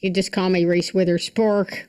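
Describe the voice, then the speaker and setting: A woman doing a stand-up comedy set, landing short wordplay punchlines in a dry, deadpan way. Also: lowish voice, moderate pace.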